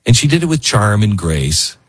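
Earnest guy hosting a talk show, bit husky, voice jumps around a ton. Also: fairly low pitch, big pitch swings, normal speed. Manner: earnest, heartfelt, wandering. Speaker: radio show host. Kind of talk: emotional talk radio monologue.

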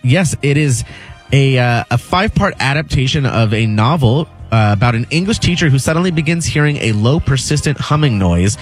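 A man's voice: mid-range voice, expressive, fairly quick, faint music behind. A man giving an entertainment news segment on a radio show, casual and hesitant with lots of filler sounds.

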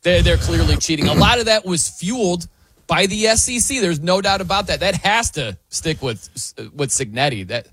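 A man hosting a sports radio show, lively and enthusiastic, tossing banter to his co-hosts. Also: high voice, moderate pace, breathy edge, no echo.

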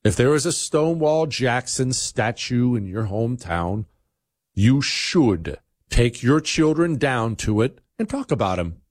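Man, talk radio host, blunt emphatic monologue, mid-pitched voice, dry close sound. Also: big pitch swings, a little slow, darkish tone, no room sound.

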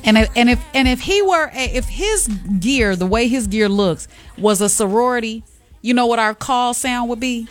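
A woman hosting an afternoon radio show, telling stories in an animated, emphatic way. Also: fairly high pitch, moderate pace, soft background music. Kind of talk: casual radio chat.

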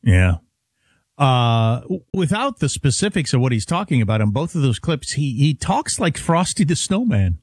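Animated man on talk radio. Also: mid-range voice, breathy edge, no echo, studio quality. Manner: animated, mocking, does quick impressions. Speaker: radio talk show co-host. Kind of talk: casual political talk radio chat.

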